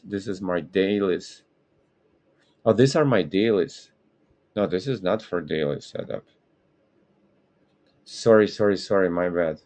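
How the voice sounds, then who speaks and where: A man with a deep, gravelly voice hosts a casual live market stream. He talks slowly and meanders, stopping often to correct himself and apologize. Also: a little mellow. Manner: rambling, self-correcting, apologetic. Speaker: trading stream host.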